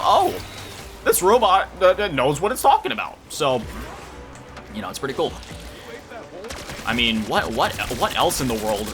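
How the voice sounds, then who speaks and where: A young man from Florida chatting casually and rambling as he commentates his gameplay, swearing now and then. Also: medium pitch. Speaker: gaming commentator. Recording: music playing loudly under the voice. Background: game music and gunfire.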